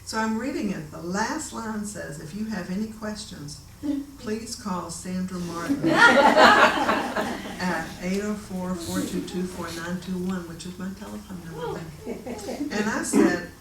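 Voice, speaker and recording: A woman telling a story from her own life in a casual, animated way, often laughing and acting out the voices of the people in it. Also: medium pitch, moderate pace, noisy background. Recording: echoey room, voice a bit distant.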